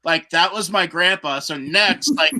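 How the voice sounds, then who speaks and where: Bright-toned man telling a lively story. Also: sits high, measured pace, creaky. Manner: animated storyteller who acts out other people's lines. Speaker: guest musician. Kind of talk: casual podcast storytelling.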